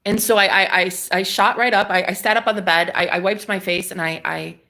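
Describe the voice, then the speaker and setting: A woman's voice: medium pitch, steady tone, fairly quick, pushed and bright. A woman vlogger intensely recounting a personal spiritual experience, with many restarts and some swearing. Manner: emotional, intense retelling with frequent restarts and swearing. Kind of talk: personal spiritual story told to camera.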